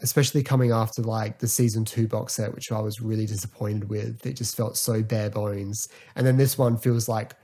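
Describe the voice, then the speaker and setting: A man's voice: medium pitch, dark tone, husky. A man hosting a podcast, chatting in a loose, rambling way about a TV show, full of fillers. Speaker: podcast host. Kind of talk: casual podcast review.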